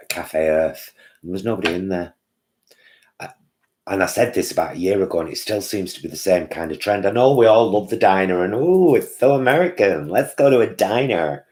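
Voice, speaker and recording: A man's voice: deep voice, a little mellow. A man hosting a casual live-stream chat, chatty and answering viewers' comments by name.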